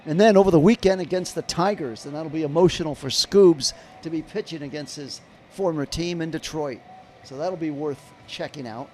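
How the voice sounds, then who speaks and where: A man with a notably high voice calls a baseball game live for his stream. He mixes the pitch-by-pitch calls with loose, rambling chat to viewers. A faint hum of background noise sits under his voice. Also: normal speed, hardly any pauses, a little mellow. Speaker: livestream baseball commentator. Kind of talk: live play-by-play commentary.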